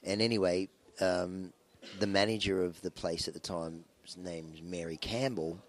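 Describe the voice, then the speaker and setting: Deep-voiced rocker telling stories. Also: male voice, steady tone, measured pace. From Australia. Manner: rambling, anecdotal, with many fillers and restarts. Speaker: rock band musician interviewed. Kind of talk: casual interview storytelling.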